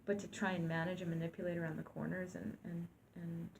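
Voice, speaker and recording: A woman's voice: fairly low pitch, level tone, quick pace, gravelly, a little hiss or hum. A woman co-hosting a talk show, speaking in a reflective, earnest way about living in the present. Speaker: co-host. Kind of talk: reflective conversational chat.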